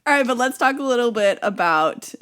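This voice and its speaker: A young woman co-hosts a relaxed podcast conversation. Her voice sits a bit high and moves through a wide range. She tells her stories with plenty of laughter. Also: fairly quick, clear, resonant tone. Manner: giggly, animated storyteller. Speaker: podcast co-host. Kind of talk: casual chat.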